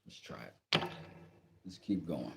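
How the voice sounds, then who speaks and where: A man's voice: takes it slowly, noisy background. A man streaming casually as he sharpens and whittles, talking to himself and his chat in a rambling, playful way. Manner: rambling, playful, talks to himself while working. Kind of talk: casual livestream chat while woodworking.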